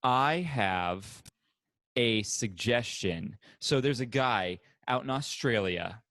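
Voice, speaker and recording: A man hosts a casual podcast from his home, laughing easily as he runs through the plugs. His pitch sits in an ordinary middle range, and the sound is dry and close, with almost no room echo. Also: animated, slow pace, a bit bright. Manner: laughs often while plugging the show. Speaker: podcast host. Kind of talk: casual chat and show plugs.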